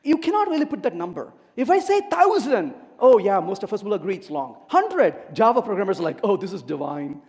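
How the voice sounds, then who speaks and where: A man with a high voice gives a humorous technical talk in an echoey conference hall, speaking briskly with few pauses. He tells stories and acts out dialogue with animation.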